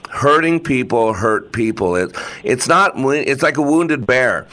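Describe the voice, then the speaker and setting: A man's voice: medium pitch, lively intonation, a little slow, a bit bright. Reflective man hosting a podcast. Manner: earnest and reflective, with fillers and restarts. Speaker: podcast host. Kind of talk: casual podcast conversation.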